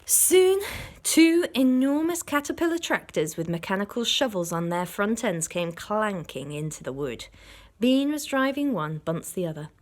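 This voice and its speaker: A primary school teacher reads a storybook aloud to children, expressive in her delivery and pausing to explain words. Her voice is medium-pitched and her pace moderate.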